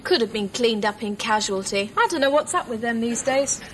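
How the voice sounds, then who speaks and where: A woman's voice: a little high, animated, moderate pace, fairly bright tone, a little hiss or hum, poor audio. An actress playing a hospital nurse who talks to patients in a soothing, motherly way. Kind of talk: scripted TV drama acting.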